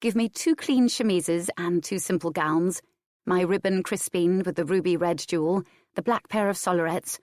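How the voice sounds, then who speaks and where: A woman voicing a proud, resolute young countess who speaks briskly and decisively, in a historical romance audiobook. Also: fairly low pitch, darkish tone, dry recording, clean studio sound, lightly acted.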